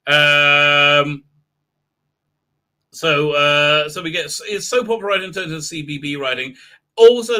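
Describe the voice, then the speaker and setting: A man rambles through a live-stream commentary, full of fillers and sarcastic asides. His voice sits a bit high and sounds very bright and sharp. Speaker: host.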